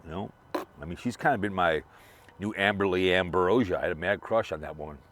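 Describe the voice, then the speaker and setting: Low-voiced man rambling while driving. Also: fairly quick, a bit bright. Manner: rambling, repetitive, restarts a lot. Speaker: vlogger remembering a late fellow creator. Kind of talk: casual rambling monologue.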